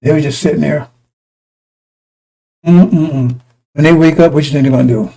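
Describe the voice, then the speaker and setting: Blunt, husky-voiced preacher man. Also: fairly high pitch, steady tone, moderate pace, dark tone, rough recording. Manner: blunt, profane, rambling, with many restarts. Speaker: preacher addressing a congregation. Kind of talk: informal broadcast sermon with personal stories.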